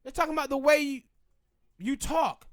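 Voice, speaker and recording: Man, Southern US accent, very high voice, dry close mic, emphatic rant. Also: dry recording. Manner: emphatic, ranting, drawn-out pauses. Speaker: podcast host. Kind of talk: opinionated casual commentary.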